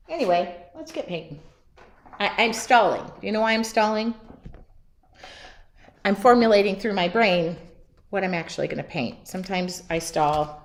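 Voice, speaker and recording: Slow, chatty woman teaching painting. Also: mid-range voice. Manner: chatty, self-mocking, giggly. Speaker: art teacher. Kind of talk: live painting demo.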